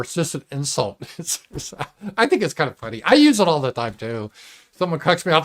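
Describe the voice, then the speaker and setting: A male host of a live political commentary show talks casually and animatedly, swearing and mimicking voices in a shrill tone. His pitch swings widely and his pace is moderate.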